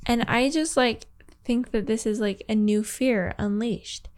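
A chatty woman co-host with a fairly high voice, giggling and tossing in plenty of "like"s as she talks. She reads listener stories aloud in a loose, casual way. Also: a little slow, darkish tone. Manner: giggly, chatty, many fillers. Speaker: podcast co-host.

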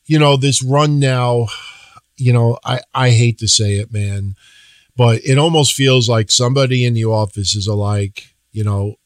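A man's voice: medium pitch, steady tone, unhurried, dry recording. A man co-hosting a podcast, giving blunt, opinionated wrestling takes in casual chat, swearing freely and acting out quotes. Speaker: podcast co-host.

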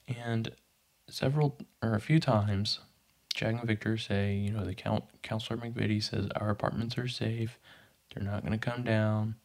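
A man's voice: lowish voice, gravelly. A man casually recapping a TV episode, narrating scenes and briefly acting out quoted lines. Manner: animated, pops into quick character voices for quotes. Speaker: podcast host recapping a TV episode.

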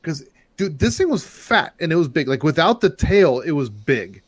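Rambling, excitable male storyteller. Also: fairly high pitch, normal speed, husky, dry recording. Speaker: podcast host telling a story. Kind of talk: casual chat.

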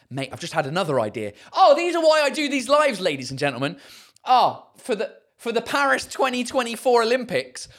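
A man with an English accent hosting a casual live stream, rambling excitedly, swearing freely and laughing often. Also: fairly high pitch. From England. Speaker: livestream host reading chat.

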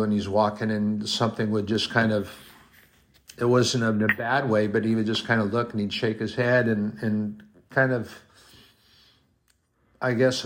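A man preaching a sermon in an earnest way, slowing on key words and rising to emphatic peaks. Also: medium pitch.

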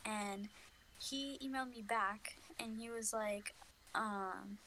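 A woman's voice: mid-range voice, fairly even intonation, slow, sharp tone, slight background noise, rough recording. A young woman co-hosting a casual podcast, telling a story with lots of fillers. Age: young adult. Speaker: podcast co-host. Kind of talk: casual chat.

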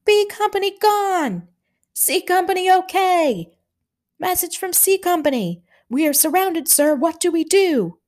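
A woman voicing a panicked male signaller shouting battlefield reports. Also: very high-pitched, lively intonation, a little slow, pitched above the performer's own voice. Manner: frantic shouting.

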